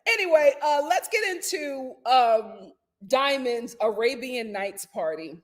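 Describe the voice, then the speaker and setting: High-voiced woman in a lively show recap. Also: slow. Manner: animated, laughs often, acts out quotes. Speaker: YouTube host reviewing a reality show. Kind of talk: casual reality-TV recap chat.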